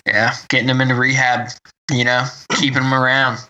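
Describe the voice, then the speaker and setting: Rambling man with a bright, sharp voice. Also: mid-range voice, little pitch movement, a little fast, poor audio. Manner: rambling, full of fillers and restarts. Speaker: podcast co-host. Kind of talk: casual chat.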